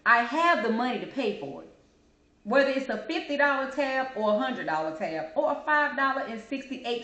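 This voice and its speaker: Sassy woman ranting in an echoey room. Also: fairly high pitch. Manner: sassy, animated, calls listener "baby". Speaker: host. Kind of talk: casual opinion monologue.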